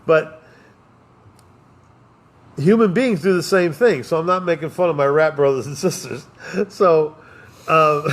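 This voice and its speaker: A podcast host with a fairly high voice talks at a moderate pace, pausing often. In casual, rambling talk he mixes big ideas about history and love with jokes and plenty of fillers, coming across as philosophical and joking.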